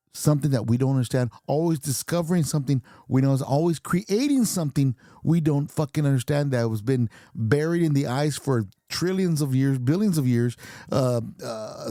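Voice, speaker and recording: A middle-aged man rants bluntly through his podcast monologue, cursing constantly and chuckling at his own lines. His voice is warm and mellow. The sound is dry, with no room echo. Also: mid-range voice. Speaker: podcast host. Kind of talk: profane ranting monologue.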